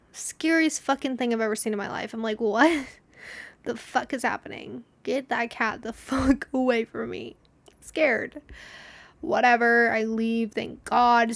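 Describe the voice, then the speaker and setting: Chatty young woman with a gravelly edge. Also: on the high side, a bit bright, no echo. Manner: chatty storytelling with frequent swearing and laughter; acts out quotes in dramatic voices. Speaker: podcast host. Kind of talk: casual solo podcast monologue.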